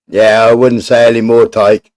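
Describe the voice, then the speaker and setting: A man's voice: mid-range voice, darkish tone, no room sound. A man hosting a live stream, bantering with viewers in a blunt, sweary, jokey way. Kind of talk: casual banter with chat.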